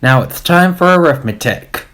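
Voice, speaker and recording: A man's voice: on the high side, lively intonation, normal speed, a bit bright, pitched above the performer's own voice. A man voicing a firm, wisecracking woman teacher in a children's story.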